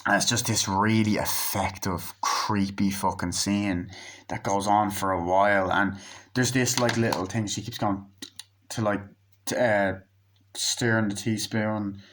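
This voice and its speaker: A man's voice: on the low side, steady tone, unhurried, fairly bright tone. A young man giving a casual, rambling movie review, swearing freely and acting out scenes as he retells them.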